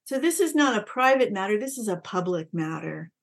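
A woman hosts an interview. She affirms the guest warmly and asks clear questions. Her voice is middle-pitched. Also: very animated, brisk. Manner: affirming, encouraging. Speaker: interviewer, host.

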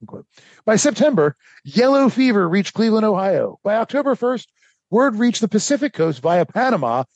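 High-voiced guy rambling thru a history story, husky, dry close mic. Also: moderate pace, no echo, highs cut off. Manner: animated storytelling with many fillers. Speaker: podcast co-host. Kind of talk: casual history podcast chat.

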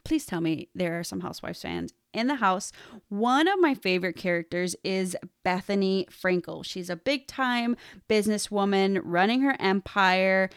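A woman's voice: medium pitch, lively intonation, normal speed, clear, resonant tone, dry recording, studio quality. A young adult woman telling a candid personal story, laughing often and quoting herself.

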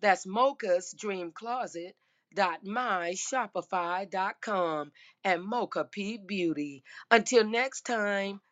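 A woman hosting a casual football talk show, emphatic and folksy, her voice going hoarse. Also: medium pitch, slow, a bit bright. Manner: emphatic, repeats "I'm telling you" and "baby". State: losing her voice. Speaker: sports podcast host.

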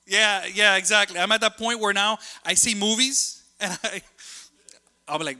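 Male preacher, conversational sermon, slightly high voice, reverberant hall. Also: moderate pace. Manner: animated, conversational, jumps between stories.

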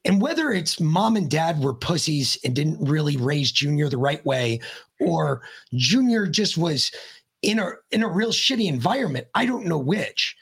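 A man, a podcast guest, telling a story in casual chat, blunt and profane, rambling and animated as he talks. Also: fairly high pitch, normal speed, gravelly, slightly rough.

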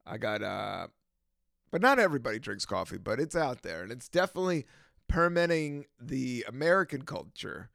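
A man's voice: mid-range voice, big pitch swings, moderate pace, gravelly, a bit bright, dry recording, clean studio sound. A young man hosting a podcast, riffing casually and laughing often in a loose, rambling way. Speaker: podcast host.

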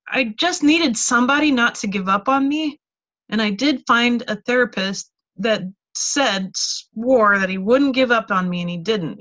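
A woman's voice: on the high side, a bit bright, lo-fi sound. A woman giving a candid, conversational teaching talk and personal testimony, with casual restarts and frequent "like.". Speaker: speaker teaching healing tools.

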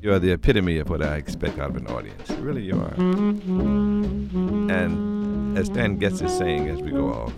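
Deep gravelly folksy male radio host. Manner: folksy, halting, with repeated thanks and blessings. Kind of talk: casual music-show hosting.

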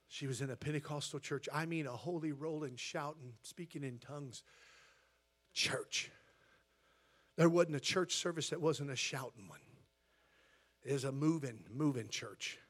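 Speaking from a church sanctuary, this American-accented male pastor opens his sermon with a softly told story before rising to shouted preaching. His voice sits in the mid-range, and he moves unhurriedly, pausing often.

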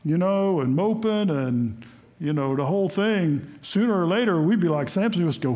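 Guy preaching a sermon, high-ish voice, chatty and folksy, reads scripture then riffs on it. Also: expressive, normal speed, a little mellow. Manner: folksy, conversational, acts out quotes.

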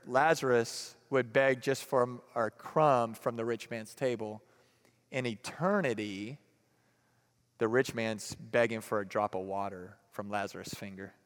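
A man preaching a sermon and reading scripture aloud, moving between hushed, grave passages and fervent, emphatic ones. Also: medium pitch. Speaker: pastor. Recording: long hall reverb.

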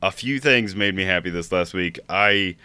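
Deep, bright-toned joking male co-host. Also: moderate pace, clean tone, no room sound. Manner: hesitant, many fillers and restarts, joking. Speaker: podcast co-host. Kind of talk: casual chat.

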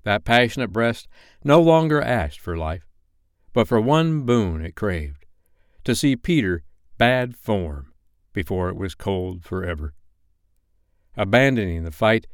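A male storyteller reads a bedtime story in a measured, expressive way. His voice is low and smooth. The recording is close and dry. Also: no room sound.

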